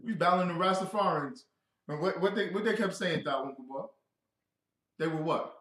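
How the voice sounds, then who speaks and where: A man giving a loud, joking scripture lesson who quizzes his listeners. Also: high voice, moderate pace, reverberant. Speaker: scripture teacher. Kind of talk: animated scripture breakdown.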